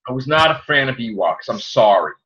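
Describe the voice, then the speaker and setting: A man hosting a casual podcast chat, ranting with shouted mock outrage. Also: mid-range voice, very animated, fairly quick, lo-fi sound, a crowd in the background. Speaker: podcast host.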